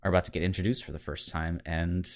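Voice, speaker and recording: A man's voice: low voice, steady tone, fast, a little mellow. A young man co-hosting a podcast, chatting casually about tabletop games in a joking, laid-back way. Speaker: podcast co-host.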